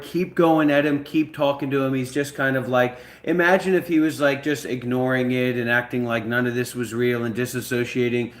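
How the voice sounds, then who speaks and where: A man's voice: mid-range voice, a bit bright. A man hosting, giving rambling and repetitive instructions to push a role-play along. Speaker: host directing a voice role-play. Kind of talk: casual instructions.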